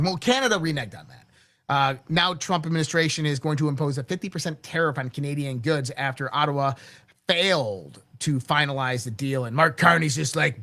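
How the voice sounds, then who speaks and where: Brisk and animated, this man's slightly high voice has a sharp tone. He hosts a casual daily political commentary show, and his talk is blunt and crude, full of swearing and stumbling restarts where he repeats words.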